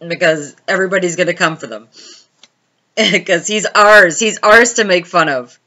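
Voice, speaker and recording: A woman's voice: on the low side, normal speed, sharp tone. A woman hosting a casual live stream, chatting and laughing as she answers viewers' comments by name.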